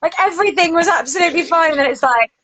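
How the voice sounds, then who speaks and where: Woman, 30s, podcast co-host: high, chatty, swears, dry close recording. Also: rapid-fire, a bit bright, dry recording, poor audio. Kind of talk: casual chat.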